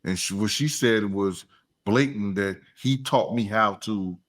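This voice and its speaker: A man co-hosting a casual reaction podcast, making his points emphatically and repeating himself. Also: measured pace. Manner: emphatic, repeats points, trails into low mumbling. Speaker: podcast co-host.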